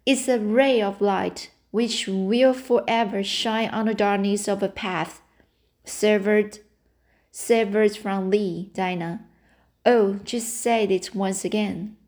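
A woman's voice: mid-range voice, darkish tone, lightly acted. A woman reading the lines of a dramatic, romantic young girl, breathless and theatrically tearful.

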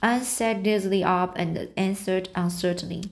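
A woman reading a novel aloud as an audiobook, in a halting way with frequent restarts. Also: lowish voice, fairly even intonation. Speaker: audiobook reader.

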